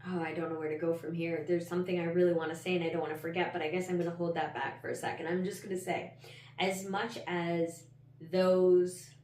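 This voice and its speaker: A woman's voice: lowish voice, flat delivery, fairly quick, a little mellow. A woman hosting her own podcast, telling a personal story in a candid, rambling way, full of "like" and the odd swear word. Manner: candid and rambling, heavy use of "like", frequent swearing. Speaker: podcast host. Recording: roomy, slightly distant mic.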